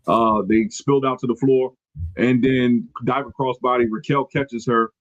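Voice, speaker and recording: This podcast host speaks in a steady, mid-range voice at a normal speed, and the audio is lo-fi with no echo. He casually recaps wrestling from his notes, rambling and correcting himself along the way.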